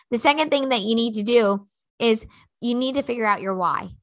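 A woman's voice: on the high side, normal speed. Blunt, emphatic woman podcast host. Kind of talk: motivational podcast monologue.

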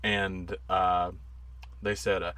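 A man's voice: deep voice, level tone, sharp tone, dry recording. A young man co-hosting a casual podcast, chatting and joking with frequent laughs. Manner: laughing, joking, quick asides. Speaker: podcast co-host. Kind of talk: casual chat.

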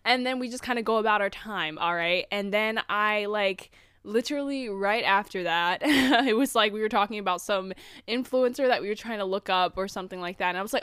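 A young woman in her twenties telling a casual storytime to her viewers, chatty and animated, with lots of "like" and acted-out quotes. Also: medium pitch, fairly quick, clean tone, no room sound, clean studio sound. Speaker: vlogger.

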